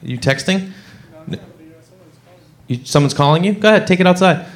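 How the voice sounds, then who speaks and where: A man doing a stand-up set on a club stage, telling a story and acting out the people in it with lively, jumping delivery. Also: moderate pace. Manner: animated storyteller, acts out voices, big pitch jumps. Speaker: stand-up comedian. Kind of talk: stand-up set and crowd work.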